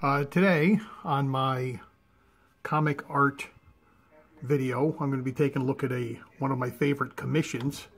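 A man's voice: mid-range voice, steady tone, moderate pace, husky. Rambling, hesitant man showing his collection. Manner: rambling, hesitant, lots of fillers and restarts. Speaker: comic art collector. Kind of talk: casual show-and-tell vlog. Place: his own room at home.

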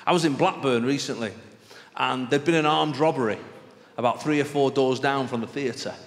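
A man's voice: medium pitch, moderate pace. A man with a northern English accent, doing a chatty stand-up comedy routine on a theatre stage. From northern England. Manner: chatty, conversational, frequent "right?" asides. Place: theatre stage with live audience. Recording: roomy live theatre recording with audience noise.

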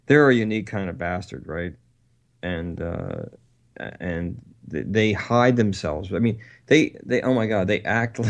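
Gravelly low-voiced man rambling on air. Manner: rambling and animated, laughing between points. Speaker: co-host. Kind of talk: casual talk-radio chat.

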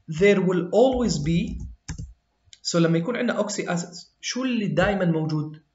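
A man with a high voice teaches chemistry, walking through each step and pausing to ask "okay?". He moves back and forth between English and Arabic as he explains. The sound is roomy and a little dull. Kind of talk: classroom lesson mixing English and Arabic.

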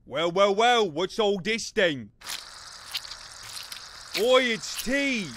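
A man voicing a gruff British bobby in a cartoon, with a put-on British accent. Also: high-pitched, lively intonation, very slow, noisy background, voice pushed down, full character voice.

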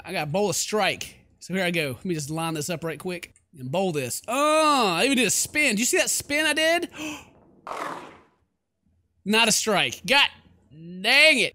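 Young guy yelling and goofing around over a game, super bouncy up-and-down voice. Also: sits high, dry recording. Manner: loud, goofy, shouting and laughing at the game. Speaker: gameplay commentator. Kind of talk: excited gameplay commentary.

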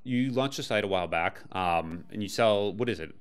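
Deep-voiced Boston man hosting. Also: moderate pace, clean tone. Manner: relaxed, conversational, loose phrasing. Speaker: podcast host. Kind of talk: podcast interview.

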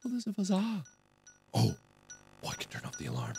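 Excitable young man yelling over a game. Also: lowish voice, a little slow, vocal fry, pauses often, husky, faint music behind. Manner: excitable, swings from muttering to panicked yelling. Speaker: gaming video host. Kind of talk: let's-play game commentary.

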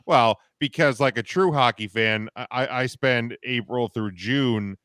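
A man's voice: medium pitch, unhurried, a bit bright, smooth, no echo, clean studio sound. A man joining a casual podcast as a guest, talking in a rambling, defensive way.

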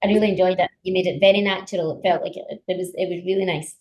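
A woman talking as a guest on a podcast. She tells stories in an animated way and uses a lot of fillers. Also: lowish voice, rapid-fire, poor audio. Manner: animated storyteller, many fillers. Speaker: politician guest. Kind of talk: casual conversation.

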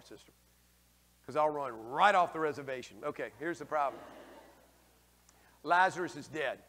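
Man, priest, animated homily, folksy asides, bright ringing voice, church reverb. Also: fairly high pitch. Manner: animated, acts out the figures in raised voices. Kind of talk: lively homily with questions from the congregation.

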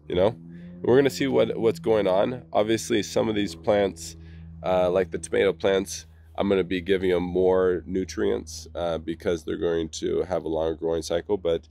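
A low-voiced man with a gravelly, slightly congested tone hosts a casual garden vlog. He rambles enthusiastically, restarting his sentences often. The sound is close and dry. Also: darkish tone, dry recording. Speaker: gardening channel host.

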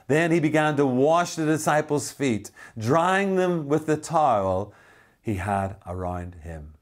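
A pastor delivers a sermon in a somewhat high voice, slowing down to stress points and dropping to a soft tone on the key lines.

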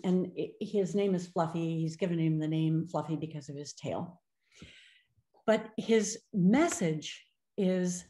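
Middle-aged female presenter, low mellow voice, measured and explanatory, roomy echo. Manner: measured, explanatory, frequent ums. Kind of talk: conference presentation.

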